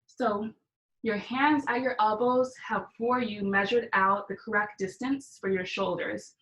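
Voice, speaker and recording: A woman's voice: mid-range voice, a bit bright. A young adult woman leading an online yoga class, cueing breaths and poses in an encouraging way. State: out of breath at times. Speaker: yoga instructor.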